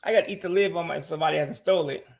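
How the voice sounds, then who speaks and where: A man's voice: on the high side, racing, gravelly, darkish tone. A man talking frankly in casual livestream style, swearing freely and answering viewer comments from his home. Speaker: guest on a finance show. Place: home room.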